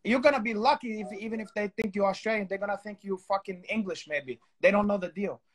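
A man co-hosting a chat show. He jokes loudly, swears freely and keeps restarting his sentences. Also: high voice. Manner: profane, loud, joking, halting restarts. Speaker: co-host. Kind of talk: comedic casual chat.

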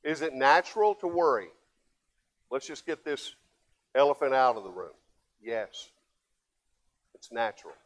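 An older man, a pastor, preaching a sermon, swinging from loud emphatic passages to low quiet asides. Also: big pitch swings, unhurried, long pauses.

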